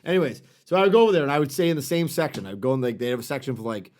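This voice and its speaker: A man's voice: mid-range voice, sing-song, very fast, a little mellow. A middle-aged man co-hosting a podcast, ranting and swearing in casual chat. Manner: profane, ranting. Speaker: podcast co-host.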